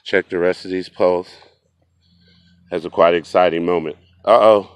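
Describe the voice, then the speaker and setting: A folksy man talks casually to his viewers while out on a riverbank. His voice sits low and comes across smooth and clear. The sound is close and dry. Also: little pitch movement, moderate pace, no echo. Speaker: fishing vlogger. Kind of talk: casual outdoor vlog. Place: outdoors by a riverbank.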